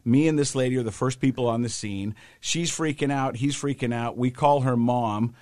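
A man's voice: mid-range voice, moderate pace, no echo, studio quality. A man co-hosting a casual talk show, telling a story with energy and acting out the people in it. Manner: animated storyteller, acts out the people in his story. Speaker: co-host. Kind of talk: casual chat.

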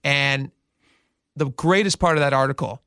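A man's voice: medium pitch, moderate pace, clean tone, no room sound, studio quality. A radio show host telling a news story in casual talk, acting out the quotes as he goes. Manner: animated storyteller, acts out quotes.

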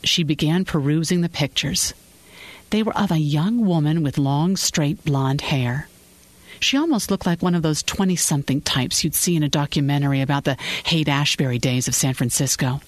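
An audiobook narrator reading a story in a measured storytelling way, close to the mic. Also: mid-range voice, no echo. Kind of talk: scripted narration.

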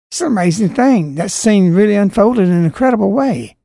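A man giving preachy religious commentary, speaking emphatically and slowing down to stress the scripture he quotes. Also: sits high, expressive, vocal fry, no room sound, studio quality.

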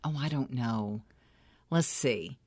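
A woman's voice: rumbling low, slow pace, a little mellow, no room sound. A woman co-hosting a radio talk show, teasing and dry in her banter. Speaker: radio co-host.

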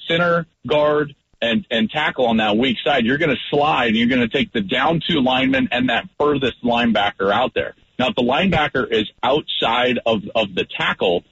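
A man, a former quarterback, talking football on a radio show and acting out his line calls with big jumps in pitch. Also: lo-fi sound. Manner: lively, acts out line calls loudly. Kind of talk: animated sports talk.

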